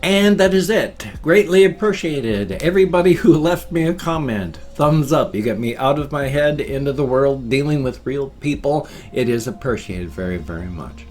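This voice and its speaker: A man in his fifties chatting casually to camera as a vlogger, with a playful habit of odd emphasis and drawn-out words. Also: medium pitch, animated, darkish tone, faint music behind. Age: 50s.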